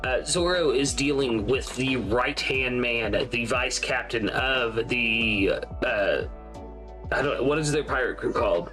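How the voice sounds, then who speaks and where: A man's voice: medium pitch, a little slow, rough recording. A man hosting a casual livestream chat, talking to his co-hosts and the chat with frequent laughs. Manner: animated, laughs often, addresses chat. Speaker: stream host. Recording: music playing behind.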